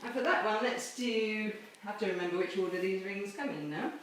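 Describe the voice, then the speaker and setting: A woman with a mid-range voice, speaking a little fast, runs a children's chapel assembly from home, moving between indoors and a garden course. Playful and upbeat, she explains the games one step at a time for this home video lesson. It's recorded on a distant camera held by a helper, echoey with faint noise.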